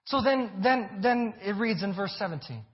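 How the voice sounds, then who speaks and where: A man with a high voice preaches a sermon in an earnest, emphatic way, doubling back on his words as he presses each point. The recording is dull and lo-fi. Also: animated, normal speed. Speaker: pastor.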